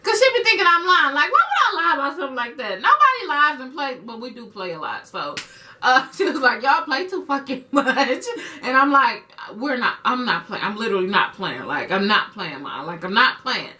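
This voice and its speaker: A young woman vlogger chats casually through a personal story, animated and putting on a high voice to act out quotes. She speaks fairly quickly, slightly off-mic and from a distance, with a little background noise.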